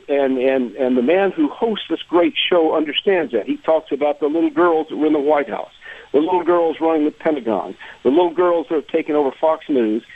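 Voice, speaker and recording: A man from the American South calling in to a radio talk show, ranting emphatically and repeating words as he starts his sentences. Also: a little high. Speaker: caller. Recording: tinny phone line.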